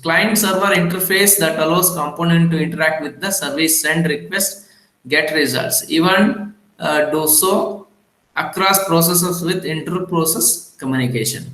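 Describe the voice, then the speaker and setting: Male lecturer from India, slow and halting with frequent fillers, bright tone, recorded in an echoey room. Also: a little high. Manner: halting, many fillers and restarts.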